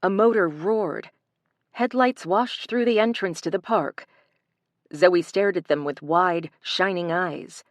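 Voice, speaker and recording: A woman narrating a thriller audiobook in an even, measured reading style. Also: on the low side, no room sound. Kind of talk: scripted narration.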